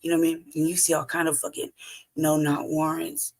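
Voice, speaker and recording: Podcast host, male, rough gravelly voice, casual profane storyteller who laughs between lines. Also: on the high side, monotone, brisk. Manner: profane, blunt, laughs often between phrases.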